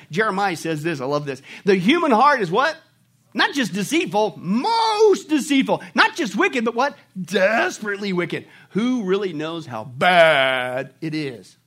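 Lively high-voiced male preacher. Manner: animated, rhetorical questions, mock voices. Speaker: pastor. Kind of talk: sermon.

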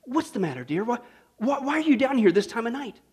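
A male preacher voicing a worried wife speaking softly to her husband at night in a joke. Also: extremely high pitch, very animated, a little fast, breathy edge, heavily acted. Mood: concerned. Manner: soft, hushed. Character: concerned wife, woken at night.

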